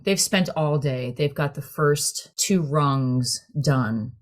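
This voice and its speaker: A woman telling a lively story in a casual group conversation, laughing often as she talks. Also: low-pitched, slow pace. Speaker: choir director.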